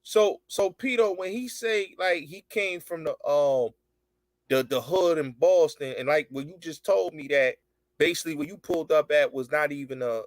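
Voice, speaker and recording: A man's voice: fairly high pitch, normal speed, no echo. A man hosting a casual online show, chatting over a call, agreeing often and repeating himself. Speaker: show host. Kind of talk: casual video-call chat.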